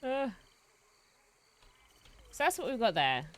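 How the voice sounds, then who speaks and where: A woman's voice: on the high side, sing-song, slow. A woman streaming a roleplay game, chatting in a rambling way and laughing often. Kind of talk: casual chat while streaming a roleplay game.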